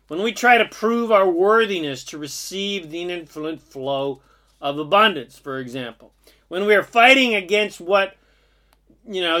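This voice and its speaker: A man giving an earnest, sermon-like spiritual talk, drawing out his phrases slowly. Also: high-pitched, pushed and bright. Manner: slow, earnest, sermon-like delivery with drawn-out phrases. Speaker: spiritual speaker. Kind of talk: inspirational monologue.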